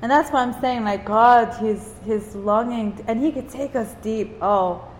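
Slow, earnest woman leading a faith talk. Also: fairly high pitch, echoey room, long reverb tail, a little hiss or hum, rough recording. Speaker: women's group leader. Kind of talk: faith talk to a women's group.

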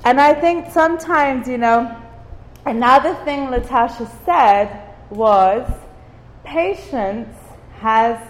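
Speaking slowly in a high-sitting voice, a woman from Cyprus leads a small group through an informal devotional talk. She uses questions to engage them and repeats words to emphasize points, and the roomy hall gives a long reverb.

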